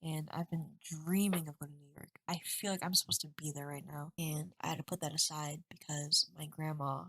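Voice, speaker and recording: A woman's voice: low voice, steady tone, fairly quick, hardly any pauses, fairly bright tone, a little hiss or hum, low-quality recording. A woman in her twenties talking candidly into a webcam at home, rambling and emotional in a confessional vlog. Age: 20s. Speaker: vlogger.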